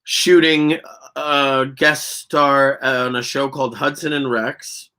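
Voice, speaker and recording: Canadian actor guest, bright voice, lively profane anecdotes in a chat interview. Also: male voice, medium pitch, slow. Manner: animated, profane, laughing storyteller. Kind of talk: casual interview storytelling.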